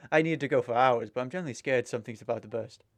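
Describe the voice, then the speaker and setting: A man's voice: mid-range voice, fast, no room sound, soft background music. A man giving casual, joking commentary while playing a story game, with profane asides. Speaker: let's play gamer.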